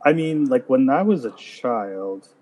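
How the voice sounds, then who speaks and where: 一个声音沙哑、语调起伏很大的男人. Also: male voice, mid-range voice, a little slow, long reverb tail. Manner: animated, swearing, jokey impressions. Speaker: podcast co-host. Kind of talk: casual chat.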